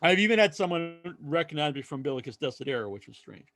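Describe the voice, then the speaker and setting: A man co-hosting a podcast, telling a long story in casual chat and acting out other people's lines loudly. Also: on the high side, expressive, quick pace. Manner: rambling storyteller, acts out quoted voices loudly. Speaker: podcast co-host.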